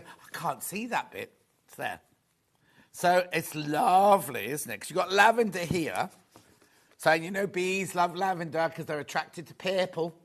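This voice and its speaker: A man presenting a live shopping show in a studio, chatty and rambling with quick asides. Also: on the high side. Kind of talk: live selling chat.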